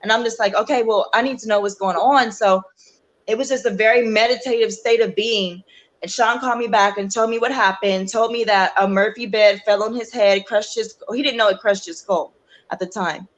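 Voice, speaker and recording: A woman's voice: mid-range voice, steady tone, normal speed. A woman speaking as a guest in a conversation, telling a personal story in an earnest, emotional way. She uses many casual fillers and acts out what people said. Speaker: interview guest, bereaved mother.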